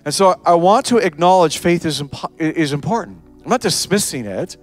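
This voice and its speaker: A high-pitched male pastor preaches with lively energy, slipping into quick character voices of parents, children and Jesus to drive his sermon home. Soft music plays faintly in the background.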